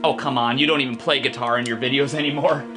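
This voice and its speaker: A woman voicing a scheming young woman who poses as a dentist, smug and teasing in an animated skit. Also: extremely low pitch. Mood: breezy. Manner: smug, teasing, drawn-out gloating. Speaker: villain. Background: loud music.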